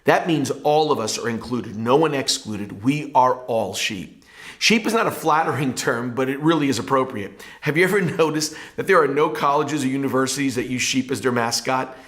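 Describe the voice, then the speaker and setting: A man's voice: medium pitch, a little fast, few pauses, a bit bright. A male pastor giving a devotional Bible teaching in an earnest, emphatic preaching manner.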